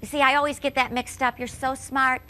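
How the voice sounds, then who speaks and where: A woman's voice: sits high, flat delivery, moderate pace, bright, forceful tone. A woman telling a fairy tale to a children's audience at a live show, playful and comically muddled. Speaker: storyteller. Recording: live hall recording with noisy audience.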